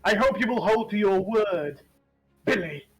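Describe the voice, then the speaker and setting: A man's voice: high voice, expressive, unhurried, breathy edge, faint music behind, heavily acted. A man voicing a smug, theatrical male farm animal who speaks grandly.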